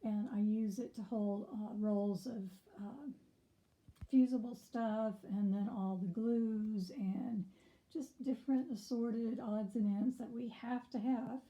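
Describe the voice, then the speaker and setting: A middle-aged woman giving a casual tour of her sewing room, chatty and relaxed, with frequent ums, her voice slightly hoarse. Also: a little high, slow, rough recording.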